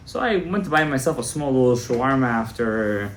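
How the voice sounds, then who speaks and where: A male rabbi telling a story in a Torah class, animated and joking, mixing in Hebrew terms. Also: medium pitch, brisk, a little hiss or hum. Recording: echoey room, faint background.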